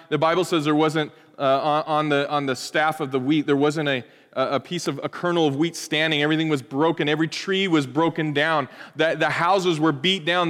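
Man preaching in a reverberant hall. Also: fairly high pitch. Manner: lively storytelling with pop-culture asides. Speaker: pastor. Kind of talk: sermon. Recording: long reverb of a large hall.

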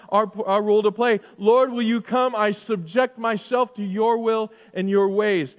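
A middle-aged man with a high voice preaches in a casual, conversational way. He throws out rhetorical questions and swings from loud emphasis to soft, hushed lines. His voice carries a long reverb, as in a large church. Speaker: pastor. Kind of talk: sermon.

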